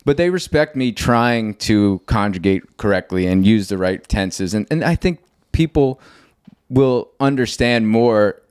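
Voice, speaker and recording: A man's voice: fairly low pitch, expressive, a little slow, darkish tone, clear, resonant tone, dry recording, clean studio sound. A man hosting a casual conversation, rambling and telling stories animatedly with lots of fillers. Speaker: host.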